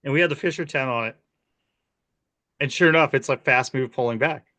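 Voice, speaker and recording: This is a man hosting a relaxed interview. He tells stories in an animated way, often laughing mid-sentence. His voice sits in a middle range and shifts a lot as he acts out what others said. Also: mid-range voice, brisk. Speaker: podcast host. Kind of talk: casual interview storytelling.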